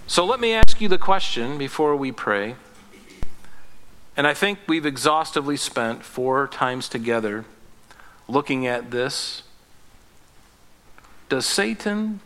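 This man's medium-pitched, slightly bright voice is expressive and a bit slow, broken by frequent pauses. Preaching a sermon in a conversational way, he restarts and uses fillers, asks forceful rhetorical questions, and rises into impassioned prayer.

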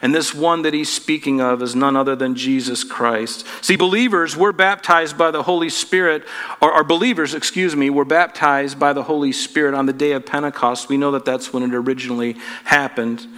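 A man preaching with a bright, forceful voice that rings out in a hall with a long reverb tail. He speaks as a pastor in an earnest, preacherly way, stacking up rhetorical questions. His pitch sits a little above the usual for a man. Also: steady tone, a little fast. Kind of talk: sermon.

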